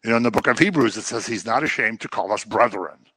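Man, preacher, bright forceful voice, chatty Bible teaching, dry close sound. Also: fairly low pitch, expressive, fast talker, slightly rough, dry recording. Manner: storytelling, acting out the people he quotes; informal, with fillers and restarts.

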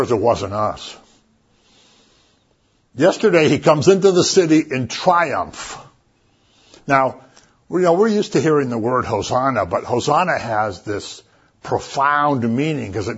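A man preaches in an easygoing, chatty way, spinning stories and asides as he goes. His voice is husky at a middling pitch. The recording sounds dull and lo-fi. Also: measured pace. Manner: conversational, animated storytelling with asides. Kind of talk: casual sermon.

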